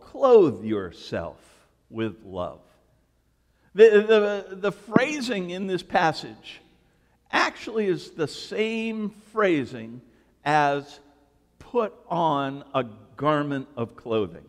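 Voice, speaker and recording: A male pastor preaching a sermon, telling stories in an animated, joking way. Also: a little high. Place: church sanctuary. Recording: reverberant church hall.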